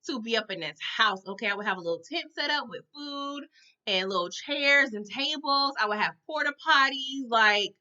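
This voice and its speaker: A spirited woman walks through a TV episode recap at a moderate clip, her bright, slightly high voice full of drama and peppered with "okay?" and "all right?". The casual commentary comes through on flat, lo-fi audio.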